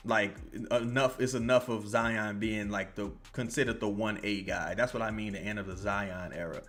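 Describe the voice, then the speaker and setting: A man's voice: fairly low pitch, normal speed, soft background music. A young man, streaming commentary on a basketball game. He curses, repeats himself and greets chat viewers by name. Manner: profane, excitable, yells at the players then calms down. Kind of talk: live-stream watch-along commentary.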